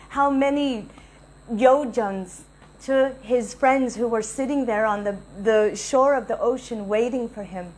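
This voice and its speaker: A woman's voice: on the high side, low-quality recording. A woman giving a devotional talk, earnestly telling a personal story and acting out the dialogue. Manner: earnest, confessional, retells dialogue. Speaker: spiritual speaker.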